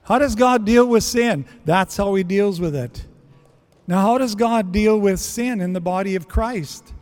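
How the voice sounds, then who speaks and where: A man's voice: high voice, a little slow, a little mellow, long reverb tail, soft background music. A man preaching a sermon in earnest, acting out prayers and bits of dialogue as he goes. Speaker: pastor.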